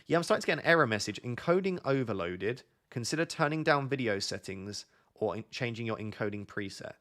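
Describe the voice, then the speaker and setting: A man's voice: medium pitch, animated, fairly quick, a bit bright. A man chatting casually on a live stream, waffling and joking as he answers questions from viewers.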